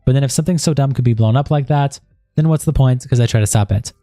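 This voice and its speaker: A man's voice: medium pitch, fast, dark tone, dry recording, studio quality, faint music behind. A man on a stream, reading a chat log aloud and breaking in with asides of disbelief.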